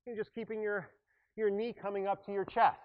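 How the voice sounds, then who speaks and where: A man's voice: sits high, little pitch movement, a little fast, phone-quality sound. A man coaching a workout class as its instructor, upbeat and joking, breaking off mid-sentence now and then. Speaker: fitness instructor. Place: exercise room.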